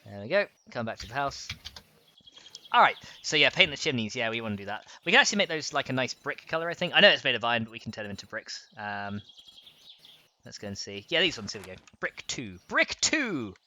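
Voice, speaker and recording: A man's voice: mid-range voice, lively intonation, fast talker, pushed and bright, slight background noise. A young man streaming a building game, chatting casually, giggling and reading out chat messages. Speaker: gaming streamer. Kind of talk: casual live gameplay chat.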